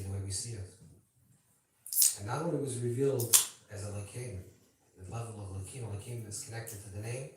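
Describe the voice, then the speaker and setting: A man, a rabbi, gives a casual teaching talk at a gathering, checking in with his listeners and joking with them as he goes. His voice sits at an ordinary middle pitch. He is heard from a distance in a very echoey room with a faint hiss underneath. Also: dark tone. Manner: conversational, keeps checking in with listeners; playful asides and banter with the audience.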